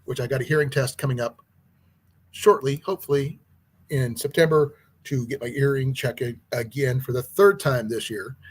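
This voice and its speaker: A man hosting an outdoors channel who teaches archery, talking in a casual, rambling livestream chat with a hoarse, husky voice. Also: mid-range voice. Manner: rambling, chatty, with many restarts.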